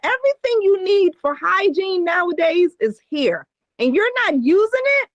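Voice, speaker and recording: A woman's voice: very high voice, sing-song, normal speed, no room sound, muffled recording. A woman co-hosting a podcast, talking bluntly and emphatically in casual chat with a lot of cursing. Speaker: podcast co-host.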